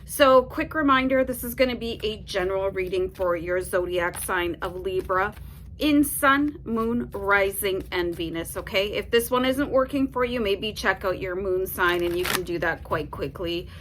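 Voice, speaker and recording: A woman's voice: mid-range voice, normal speed, a bit bright, slight background noise. A woman reading tarot cards to camera in a casual, chatty way, peppering her talk with "like" and checking in with "okay?". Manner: chatty, fills with "like", tags "okay?" on sentences. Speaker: tarot reader.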